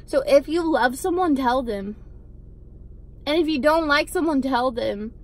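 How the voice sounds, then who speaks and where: Young woman, high voice, vlogger, blunt motivational talk, emphatic and repetitive, casual swearing, outdoors. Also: lively intonation, measured pace. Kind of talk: motivational pep talk to camera.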